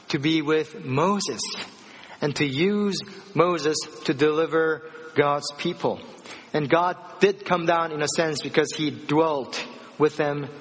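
Man, preacher, lively storytelling sermon, slightly high voice, long hall reverb. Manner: animated storytelling, acting out dialogue.

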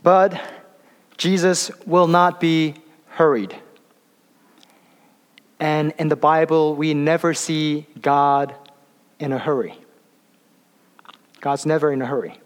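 A man preaching a sermon, speaking haltingly with many fillers and restarts and slowing down for emphasis. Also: fairly high pitch, steady tone. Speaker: pastor. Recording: long hall reverb.

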